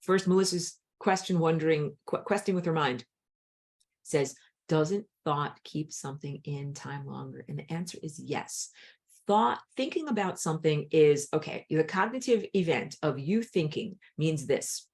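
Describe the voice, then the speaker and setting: Low-voiced woman teaching a spiritual class. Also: normal speed. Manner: animated, acts out a crying toddler in a high squeak. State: dry throat. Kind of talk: online class talk. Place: outdoors on a hot day.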